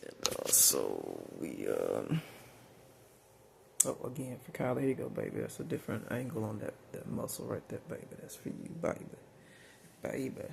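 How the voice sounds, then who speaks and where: A middle-aged man with a Southern US drawl speaks in a heavily gravelly voice, on the low side, that rises and falls in a lively way at a normal speed. His rambling personal monologue is frank and profane, full of fillers and restarts, and a faint hiss sits in the background.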